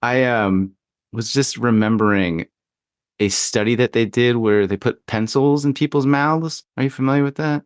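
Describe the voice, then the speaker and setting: A man's voice: medium pitch, moderate pace, clean tone, no room sound, studio quality. A man hosting a podcast interview, speaking thoughtfully with restarts and light laughter. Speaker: podcast host.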